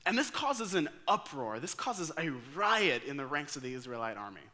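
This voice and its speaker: An American man preaching a sermon, telling a story with lively acted-out quotes. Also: a little high, moderate pace. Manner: energetic storyteller acting out quoted lines. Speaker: pastor.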